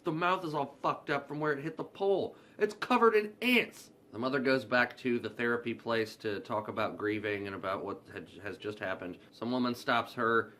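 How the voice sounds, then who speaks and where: A man's voice: mid-range voice, brisk, few pauses, bright, forceful tone. A man casually recapping a horror film's plot, loose and profane, acting out the characters' lines as he goes. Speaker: movie reviewer.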